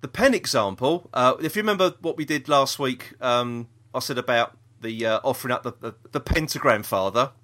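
This South East London man co-hosts a podcast, chatting away and reading a listener's email aloud with lots of ums and false starts. He speaks at medium pitch, quickly and with barely any pauses, in a fairly bright tone.

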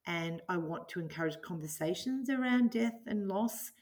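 A woman's voice: fairly low pitch, expressive, normal speed. A middle-aged woman speaking as an interview guest, earnest and enthusiastic, reflecting on her business and her life. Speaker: guest, business owner and author. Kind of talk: podcast interview.

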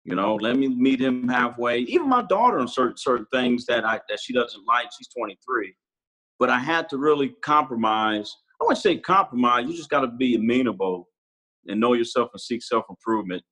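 A man's voice: medium pitch, lively intonation, fairly quick, fairly bright tone, poor audio. A Marine sergeant major in his forties, a man telling personal stories candidly and casually, often calling the host brother. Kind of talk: candid conversational storytelling.

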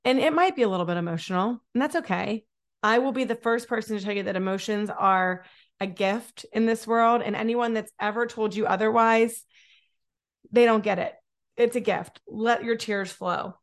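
A woman's voice: on the high side, moderate pace. Woman podcast host, encouraging and upbeat, repeats words for emphasis, solo talk.

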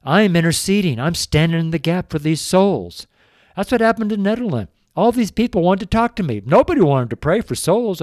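A man's voice: high-pitched, very animated, a little mellow, no room sound, studio quality. An older man, a street preacher, giving an earnest, pleading sermon on a show, tearful and emotional. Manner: slow, earnest, pleading, with drawn-out emphasis.

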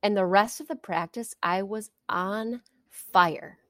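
A woman's voice: medium pitch, takes it slowly, no room sound, clean studio sound. A middle-aged woman guest in an interview, telling an earnest story with many fillers and restarts. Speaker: interview guest, sport psychology coach.

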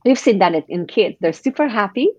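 Female coach guest, animated and expressive. Husky tone, muffled sound. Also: mid-range voice, normal speed, dry recording. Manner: animated, acts out quoted voices. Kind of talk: podcast interview.

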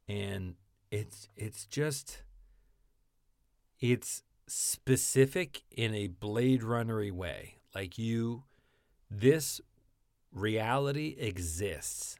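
A man in a relaxed podcast chat about actors and TV shows, rambling and animated with lots of restarts. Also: mid-range voice, no room sound, studio quality.

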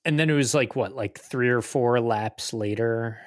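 A man's voice: medium pitch, moderate pace, no room sound, clean studio sound. A man co-hosting a podcast in casual sports chat, speaking in a hesitant, wry and musing way. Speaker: podcast co-host.

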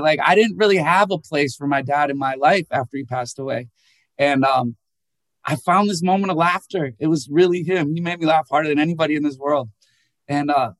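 A young man, a musician guest, telling candid and emotional stories and acting out quoted people in a raised voice. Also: no echo. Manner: animated storyteller who acts out quotes in a higher voice. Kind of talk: candid emotional interview talk.

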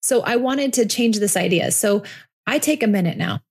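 A woman in her forties hosting a parenting podcast, talking earnestly and reflectively, slowing down to stress her points. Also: mid-range voice, animated, darkish tone. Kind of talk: reflective solo podcast talk.

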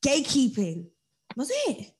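A woman co-hosting a podcast, chatting casually with playful, quick banter. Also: sits high, huge pitch swings. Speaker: podcast co-host. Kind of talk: casual chat.

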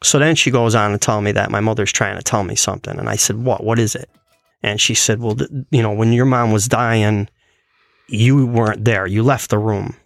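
A man with a fairly low voice tells a personal story in a relaxed, chatty way. He gets animated as he quotes what other people said. The sound is dry and close, with little room echo. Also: moderate pace, vocal fry. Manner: animated, quoting others in his retelling. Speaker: guest telling a personal story. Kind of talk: casual storytelling.

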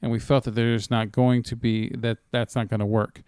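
Laid-back swearing podcast co-host. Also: male voice, mid-range voice, flat delivery, moderate pace, darkish tone, smooth, dry recording, studio quality. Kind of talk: casual chat.

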